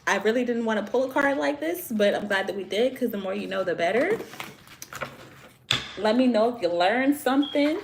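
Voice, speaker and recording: Young female stream host from Virginia, fairly high voice, laid-back profane chat. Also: animated, normal speed, gravelly, a little hiss or hum. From Virginia, USA. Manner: loose, slangy and profane, storytelling asides. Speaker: tarot live-stream host. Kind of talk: casual live-stream chat.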